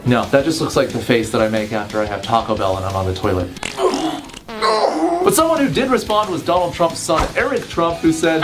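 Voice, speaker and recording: A man's voice: on the high side, animated, a little fast, over music. A man giving comedic, sarcastic, profane news commentary for a video. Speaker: commentary youtuber.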